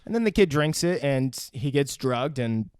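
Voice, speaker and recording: A young man co-hosting a podcast, recapping a movie in casual chat, crude and quick to laugh. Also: medium pitch, lively intonation, smooth, no room sound, studio quality. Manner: crude, laughing, swears freely. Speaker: podcast co-host.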